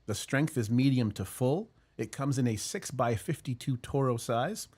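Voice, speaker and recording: A man's voice: medium pitch, normal speed, darkish tone, breathy edge. A man hosting a casual chat stream, rambling and joking, with many fillers and laughs. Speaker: podcast host. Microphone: headphones and mic.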